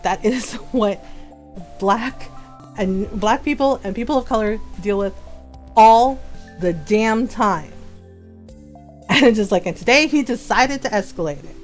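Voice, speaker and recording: A woman hosting a livestream, talking in a heated, emphatic way and repeating her points. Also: mid-range voice. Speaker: livestream gamer host. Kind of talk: casual livestream chat.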